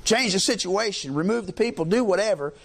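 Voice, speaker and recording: A man preaching a sermon, impassioned and folksy, climbing to near-shouts. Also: high-pitched, lively intonation, brisk, gravelly.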